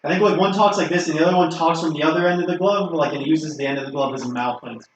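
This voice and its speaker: A man's voice: on the high side, racing, recorded from a distance, a little hiss or hum. Man running a tabletop game, filler-heavy. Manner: loose, filler-heavy describing. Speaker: game master. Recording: dull, echoey room audio.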